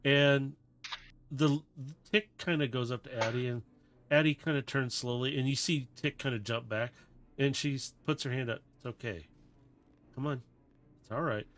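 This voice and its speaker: A man's voice: medium pitch, fairly even intonation, moderate pace, a bit bright. A man narrating a tabletop role-playing game as game master, in a casual, loose way. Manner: casual, loose, with many "kinda".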